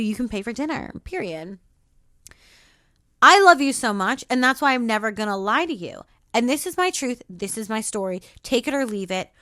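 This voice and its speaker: Woman host, high and bright-toned, dry booth sound; preachy, emphatic motivational monologue. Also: dry recording. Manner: repetitive, declarative affirmations. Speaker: podcast host.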